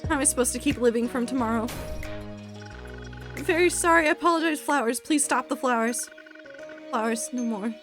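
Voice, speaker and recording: A panicked man begs not to be wiped away, his voice climbing high and tight, as a woman puts him on. His pleas come frantic and fast, with music faintly behind. She reads the game lines aloud. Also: natural voice. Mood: pleading. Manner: pleading, frantic. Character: panicked man being erased by mind hacking. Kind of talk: reading game dialogue aloud.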